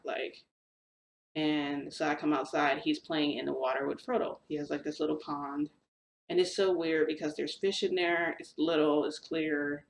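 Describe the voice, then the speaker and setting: A woman's voice: low voice, vocal fry, a little hiss or hum. A woman casually telling her viewers a rambling story, full of fillers and mild slang. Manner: chatty, rambling, lots of "like" and "freaking". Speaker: vlogger recounting a shifting experience. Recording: roomy echo with faint ambience.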